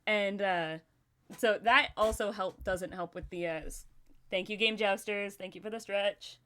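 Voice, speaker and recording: A woman hosting a casual livestream chat, talkative and quick to laugh, often talking to herself as she goes. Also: mid-range voice, a bit bright. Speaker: livestream host.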